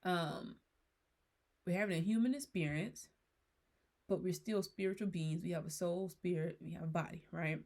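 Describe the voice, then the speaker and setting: Woman tarot reader, lowish voice, rambling casual channeling talk. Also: normal speed, pauses often, a little mellow. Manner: relays messages in rambling, hesitant speech. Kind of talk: casual spiritual channeling monologue.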